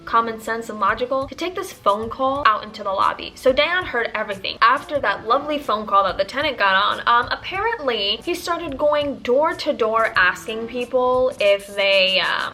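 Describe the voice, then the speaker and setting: A woman vlogger from Tanzania recounting a story in a casual, animated, dramatic manner. Her voice is bright and crisp, sitting slightly high for a woman.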